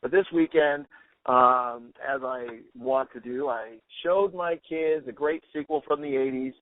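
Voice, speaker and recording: A man co-hosting a podcast in a casual chat, excitedly quoting lines and gushing over what he loves. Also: mid-range voice, no room sound. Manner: excited, quick to quote lines. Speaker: podcast co-host. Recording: tinny phone-like sound, dry.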